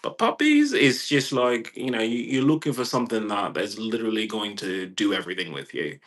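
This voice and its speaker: A man's voice: on the low side, fairly quick. A man in a casual home vlog, ranting with lots of swearing and acting out quoted voices. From California. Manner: profane, rambling, animated quoted voices. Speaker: vlogger. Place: indoors at home with a puppy.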